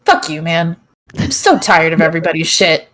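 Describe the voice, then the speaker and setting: A woman's voice: deep voice, animated, moderate pace, a bit bright. A woman playing a tabletop game, blunt and swearing freely as she thinks aloud. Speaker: player. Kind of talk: tabletop role-play chat.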